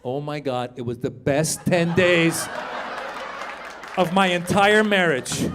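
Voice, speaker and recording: A man in his fifties works a live comedy crowd with a high, lively voice. He acts out little scenes and bursts into shouts on the punchlines, with faint noise from the room behind him. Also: slow pace. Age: 50s. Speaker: stand-up comedian. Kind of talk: stand-up comedy set with crowd work.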